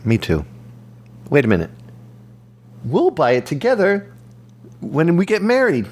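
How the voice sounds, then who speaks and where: A man's voice: fairly high pitch, wildly swooping pitch, unhurried, a little mellow, husky. A man hosting a comic retro news chat, reading facts with dry jokes. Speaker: host of a retro journal show.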